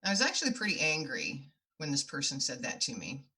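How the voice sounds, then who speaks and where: A middle-aged woman guest on a podcast interview, her voice pitched low with a bright, forceful edge. She talks in an earnest, heartfelt way, recounting things at length. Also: wildly swooping pitch, a little fast.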